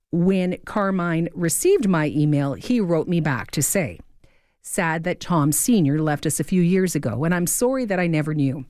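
On a studio mic with no room sound, a woman with a lowish, slightly mellow voice hosts an afternoon radio show. Between songs she reads a listener's email aloud with real feeling, tearing up as she goes.

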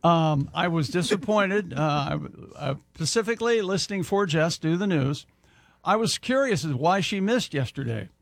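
A man's voice: fairly high pitch, animated, normal speed, creaky, no echo. A man co-hosting a radio show, joking and wisecracking in casual banter.

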